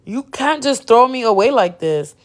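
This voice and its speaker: A woman's voice: on the high side, animated, moderate pace, voice pushed up, close to an everyday voice. A woman reading the lines of a desperate young mistress who pleads with her lover. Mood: pleading.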